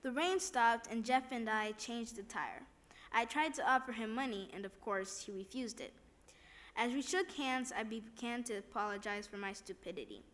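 A woman's voice: a little high, normal speed, a bit bright. Woman reading a devotional story.

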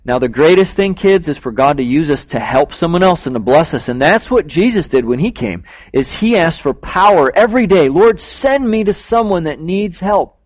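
Guy doing a kids' sermon story, high-ish voice, asks the kids stuff, muffled lo-fi sound. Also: lively intonation, fairly quick, hardly any pauses. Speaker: children's story teller at church. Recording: dull lo-fi recording.

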